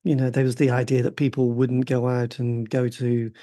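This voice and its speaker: A man interviewing a performer, talking in a halting way with frequent restarts before asking direct questions. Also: medium pitch, completely flat delivery, dark tone. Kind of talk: casual conversation.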